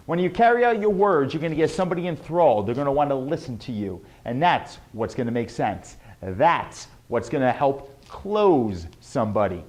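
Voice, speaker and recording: A man's voice: lively intonation, darkish tone. A man teaching sales tonality, drawing out his words and firing rhetorical questions. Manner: swooping exaggerated pitch, emphatic and drawn out; rhetorical questions, fast asides. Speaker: sales trainer. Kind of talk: motivational sales lesson.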